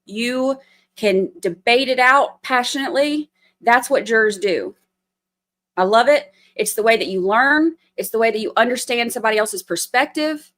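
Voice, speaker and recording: A woman's voice: a little high, moderate pace, fairly bright tone. A woman, hosting a casual livestream and talking through a trial, firm one moment and chatty the next. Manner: firm scolding then chatty explaining. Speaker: livestream host giving trial commentary.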